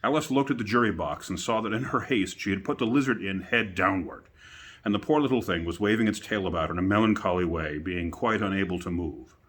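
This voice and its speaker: Male storyteller, low voice, relaxed bedtime reading with chatty asides, recorded outdoors. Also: brisk.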